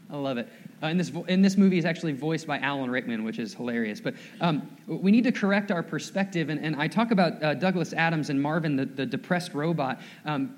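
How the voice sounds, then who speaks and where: A man preaching in a relaxed, chatty way, stumbling over and repeating words as he talks to his congregation. His voice sits a little high for a man, and a long reverb from the church hall trails after every line. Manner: conversational, self-deprecating, repeats words. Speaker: pastor. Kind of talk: sermon. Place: church sanctuary.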